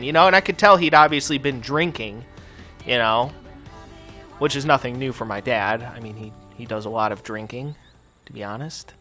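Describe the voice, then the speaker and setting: Profane ranting man, bright forceful voice. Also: medium pitch, moderate pace, faint music behind. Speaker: gaming channel host. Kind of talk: casual chat while playing a game.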